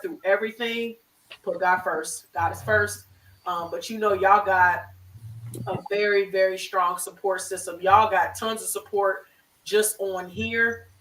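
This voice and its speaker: Therapist host: bright, forceful voice, emotional and encouraging, on a video call with a distant mic in a roomy space. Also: mid-range voice. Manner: effusive, emotional, faith-filled encouragement. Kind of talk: warm encouraging closing remarks on a live web show.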